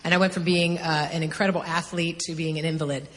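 A middle-aged woman from the United States giving a personal testimony in an earnest, halting, emotional way. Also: low-pitched, level tone. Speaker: testimony speaker. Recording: long hall reverb, faint ambience.

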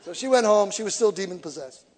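A man preaching as an evangelist, telling stories with humor and swinging from quiet to shouting. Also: sits high, fast talker, some chatter behind, slight background noise. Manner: animated storytelling with humor, shifts from quiet to shouting. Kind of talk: sermon. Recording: echoey hall reverb.

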